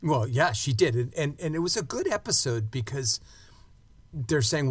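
A man's voice: medium pitch, animated, moderate pace, slightly rough. A man co-hosting a podcast, recapping an episode with enthusiasm and acting out quotes in casual chat. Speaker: podcast co-host.

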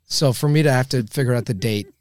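A man's voice: medium pitch, fast talker, dry recording. A man, a stand-up comedian, telling stories in a casual podcast chat, swearing freely and acting out the people he quotes. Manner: storytelling, animated, swears freely, acts out quoted voices.

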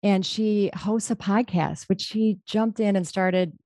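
A woman's voice: mid-range voice, unhurried, a little mellow, no echo, clean studio sound. A woman hosting a podcast, introducing her guest in an effusive, rambling way with many restarts. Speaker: podcast host.

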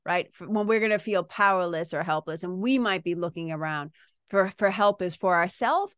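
A woman's voice: on the low side, moderate pace, a bit bright, clean tone, dry recording, clean studio sound. Candid woman podcaster telling a story. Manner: candid, casual, peppered with "right?" and swearing. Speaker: podcast host. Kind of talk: personal storytelling monologue.

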